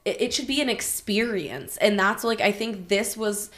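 A woman with a bright, forward voice, talking as a podcast guest in a loose, candid chat. She tells her story in an animated way, peppering it with "like" and casual swearing. Her pitch sits mid-range. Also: moderate pace. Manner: animated, frequent "like" fillers and swearing.

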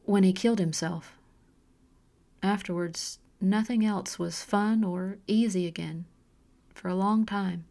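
Woman reader doing a stern, earnest middle-aged mom in an audiobook; slow, deliberate, pressing. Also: medium pitch, fairly even intonation, creaky, mellow. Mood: wistful. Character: intense middle-aged mother, hard on her daughter. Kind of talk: audiobook character voicing.

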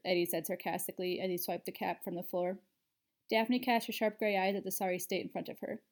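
A woman narrating a story aloud in a steady, even reading voice. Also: medium pitch, fast talker.

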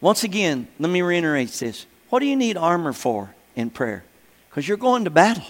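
A man's voice: high-pitched, very animated, moderate pace. An older man preaching a sermon, emphatic and repeating phrases, often asking the congregation for an amen. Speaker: pastor. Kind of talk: sermon teaching. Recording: long hall reverb.

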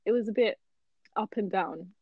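A woman's voice: mid-range voice, moderate pace, husky, no echo, narrow, tinny audio. A young woman co-hosting a film review chat, easygoing and agreeable, laughing along. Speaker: podcast co-host reviewing films. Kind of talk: casual chat.

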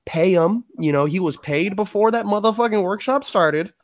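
A man's voice: high-pitched, a little fast, no echo. A man in casual chat, telling stories loosely with slang and plenty of swearing. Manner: loose, profane storytelling with slang.

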